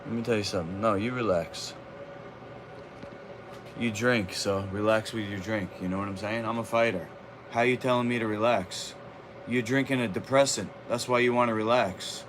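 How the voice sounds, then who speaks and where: A man's voice: on the low side, normal speed, noisy background. A man streaming live from a home kitchen, talking back to his chat with brash, combative trash talk as a martial arts fighter.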